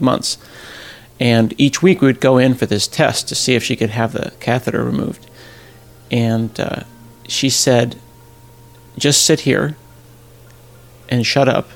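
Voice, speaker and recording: A middle-aged man, a podcast host, telling a personal story in a casual, animated way and acting out the people he quotes. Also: mid-range voice, vocal fry. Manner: animated, acts out quoted voices, laughs at himself.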